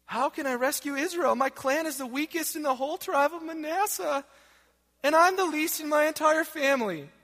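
A man's voice: normal speed, bright, forceful tone, exaggerated voice. A man doing a whiny voice for a timid young man who makes excuses. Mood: whining. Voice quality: whiny, high-pitched. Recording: long hall reverb.

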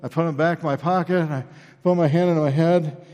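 A man's voice: fairly high pitch, a little fast. A man preaching a sermon, telling stories from his past and acting out the people in them. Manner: animated storyteller, acts out quoted people. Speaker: pastor. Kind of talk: sermon storytelling. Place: church sanctuary. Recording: long reverb of a large church hall.

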